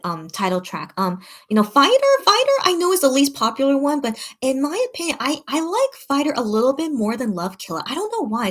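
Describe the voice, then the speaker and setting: Woman, casual chat host, chatty, rambling, filler-heavy, mid-pitched voice. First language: English. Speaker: channel host reading live chat.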